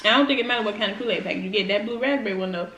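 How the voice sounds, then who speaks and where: A woman's voice: medium pitch, rapid-fire, a bit bright, roomy sound, slight background noise, poor audio. A woman who hosts a food vlog, chatting casually and with lots of slang to her viewers while she tastes snacks. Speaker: food vlogger. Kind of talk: casual eating-show chat.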